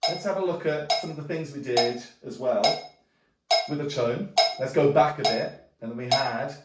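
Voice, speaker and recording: A man's voice: medium pitch, moderate pace, heavy background noise. Drum teacher, man, easygoing with many restarts; heard from a distance. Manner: relaxed, thinking aloud with many restarts. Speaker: djembe teacher. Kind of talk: casual music lesson. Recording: roomy sound from a distance, drumming around speech. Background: djembe drumming.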